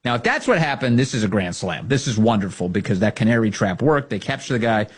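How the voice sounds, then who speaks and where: Sarcastic husky male commentator. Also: on the low side, fast talker. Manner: mocking, with lively put-on quotes. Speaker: political commentary host.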